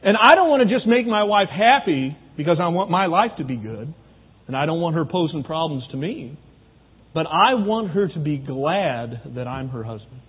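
Husky preacher in a reverberant hall. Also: male voice, on the high side, animated, normal speed. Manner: folksy, teaching with anecdotes. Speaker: pastor. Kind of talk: sermon on marriage. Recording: tinny, phone-like, long hall reverb.

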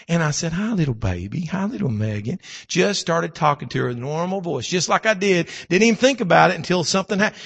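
A middle-aged male pastor delivers a sermon in a high, gravelly, hoarse voice. He swings from fervent preaching to hushed storytelling. The bright sound rings with a long hall reverb.

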